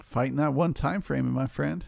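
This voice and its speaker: A man with a gravelly, fry-tinged voice at a medium pitch talks through a live market stream, calm and explanatory as he takes questions from the chat. The sound is dry and close, with no room around it. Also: normal speed, dry recording. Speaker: trading stream host.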